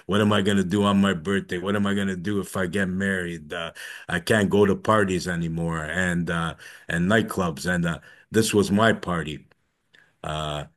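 A man with a very low, deep voice tells his own recovery story to a meeting. He speaks haltingly, with frequent fillers and false starts. He brings remembered conversations to life by quoting them. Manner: halting, many fillers and restarts; acts out dialogue in quotes. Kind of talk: personal testimony talk.

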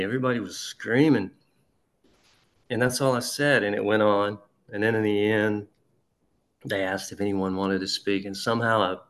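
A man telling a personal recovery story in a halting, conversational way, with frequent restarts and asides. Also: fairly low pitch. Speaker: speaker sharing a recovery story. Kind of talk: personal testimony.

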